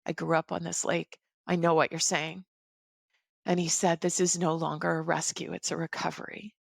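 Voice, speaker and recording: A woman in her forties, a podcast guest, recounting a personal story in a measured, reflective way. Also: deep voice, flat delivery, creaky, dry recording, clean studio sound.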